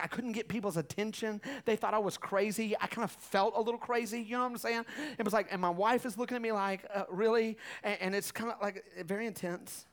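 A middle-aged man preaching a sermon, telling stories in an animated way with laughs and acted-out voices. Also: high-pitched. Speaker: pastor.

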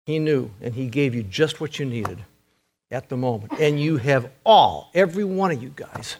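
A man preaching a sermon, earnest and repetitive, shifting between loud urging and hushed, intense passages. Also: medium pitch, animated, normal speed. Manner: repeats phrases for emphasis.

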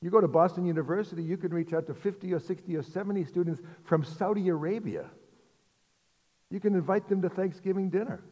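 A middle-aged man preaching a sermon in a relaxed, conversational way, mixing jokes and rhetorical asides. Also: high-pitched, fast. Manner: conversational, self-deprecating humor with rhetorical asides. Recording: long hall reverb.

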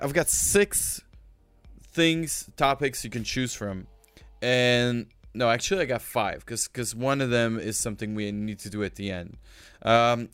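A man's voice: medium pitch, fairly bright tone, no echo. A man hosting a podcast in casual chat, rambling and playful with frequent restarts. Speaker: podcast host.

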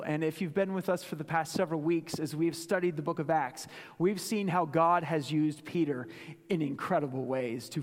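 A man preaching a sermon as a pastor, building with repeated phrases and dropping to a hush for emphasis. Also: on the high side, in a large hall. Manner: dramatic, drops to a hush for emphasis.

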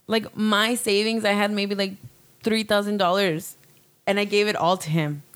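A woman's voice: medium pitch, steady tone, normal speed, a bit bright. A young woman in casual chat, telling a personal story candidly with lots of fillers and restarts. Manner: candid, rambling, fillers and swearing.

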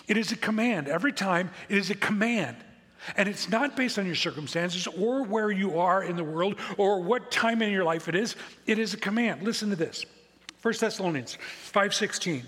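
A pastor delivers a sermon in a high, slightly husky voice, casual and self-mocking, leaning on repeated words to drive his point home. His voice carries with a long reverb through the church hall. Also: a bit bright. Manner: conversational, self-deprecating preaching with emphatic repetition. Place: church sanctuary.

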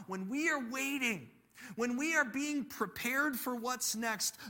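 A man preaching a sermon as a pastor, earnest and emphatic, with dramatic pauses. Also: sits high, sharp tone.

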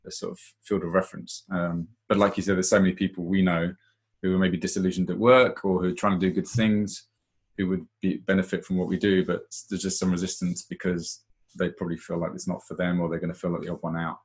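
A man co-hosting a live webinar, talking in a reflective, low-key way in a casual discussion. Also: flat delivery, fast talker, slightly rough.

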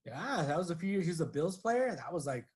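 A man's voice: a little high, sing-song, quick pace, darkish tone. A man co-hosting a podcast in casual chat, rambling through stories full of "like" and "you know". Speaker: podcast co-host.

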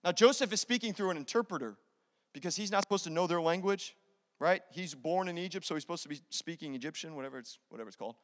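Man, young adult, pastor's sermon, high voice, long hall reverb, loud to hushed swings. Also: fast talker. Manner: animated, swings from loud preaching to hushed asides.

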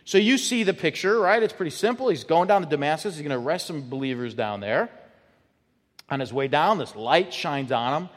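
A man's voice: on the high side, animated, brisk. Emphatic male pastor in a reverberant hall. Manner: emphatic, often repeats words. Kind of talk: sermon. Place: church sanctuary.

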